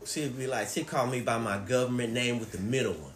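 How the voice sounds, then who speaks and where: Cussing dude telling stories, acts out everybody's lines, average pitch, roomy echo. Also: male voice, brisk. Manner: profane, animated storyteller who acts out quotes. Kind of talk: casual chat.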